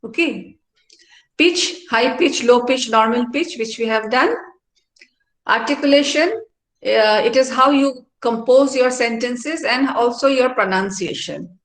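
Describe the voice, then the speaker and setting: A woman's voice: a little high, unhurried. A middle-aged woman, a professor giving a classroom lecture and often checking in with "all right?". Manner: explanatory, asks tag questions like "no?" and "all right?". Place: university activity centre hall. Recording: roomy hall echo.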